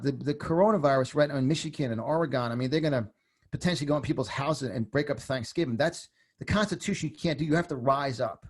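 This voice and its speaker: A New York man in his fifties, with a New York accent, speaks fast at a medium pitch with a breathy edge. As a podcast guest he gives impassioned political talk, intense and emphatic, often repeating phrases.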